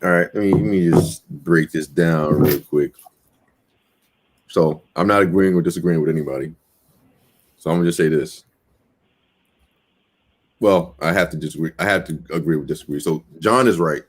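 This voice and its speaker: A man on a debate panel, deliberately breaking down his point. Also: very deep voice, breathy edge. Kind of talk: casual debate.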